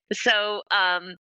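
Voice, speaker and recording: A woman's voice: mid-range voice, sharp tone, clear, resonant tone, dry recording, low-quality recording. A woman co-hosting a casual chat podcast, rambling with lots of fillers, laughing often and swearing freely. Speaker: podcast co-host.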